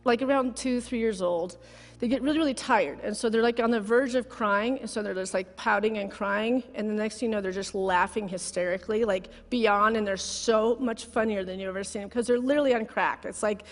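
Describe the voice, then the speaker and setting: Here a middle-aged woman preaches as a guest in a large church sanctuary, her heartfelt, conversational sermon centered on a personal story that brings her close to tears. She speaks a little fast in a mid-range voice. Long hall reverb colors the sound.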